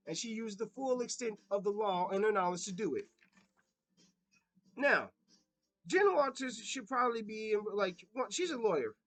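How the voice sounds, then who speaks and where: A man's voice: high voice, normal speed, long pauses, no room sound, poor audio. A man talking through a casual, profane rant and laughing at his own slips. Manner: animated, profane, laughs at himself. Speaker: commentator.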